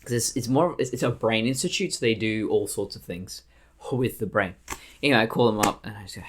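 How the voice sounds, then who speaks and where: An Australian woman telling a personal story on her vlog in a blunt, profane, animated way. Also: rumbling low, fairly quick, breathy edge. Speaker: vlogger.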